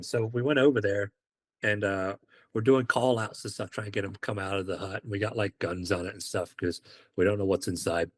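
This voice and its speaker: This man's voice is fairly low and moves at normal speed. A former Marine from the UK, he tells casual stories on a podcast with animation, acting out quoted dialogue.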